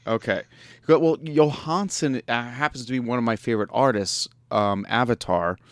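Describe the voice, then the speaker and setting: Picture a man with an ordinary middle-pitched voice, recorded close and dry with no room sound. He hosts a loose radio chat, cracking jokes and chuckling between his rambling questions. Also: normal speed, no room sound. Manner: joking, laughs often, loose rambling delivery. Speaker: radio show host. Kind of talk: casual podcast interview.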